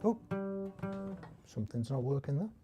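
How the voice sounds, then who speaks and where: A man's voice: mid-range voice, big pitch swings, moderate pace. A man with a Teesside accent from northeast England, teaching a casual live-streamed guitar lesson, chatting and thinking aloud, with a self-deprecating manner. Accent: Teesside English.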